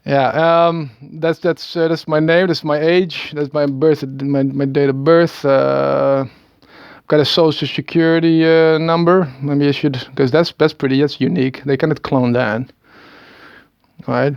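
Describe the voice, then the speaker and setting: A man's voice: a little high, steady tone, unhurried, vocal fry, a little mellow, smooth, no room sound, muffled recording. A Dutch man in his thirties with a Dutch accent, talking in a hesitant, rambling monologue full of stammered restarts and small chuckles. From Netherlands. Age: 30s. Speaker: video maker. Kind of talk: rambling self-recorded monologue.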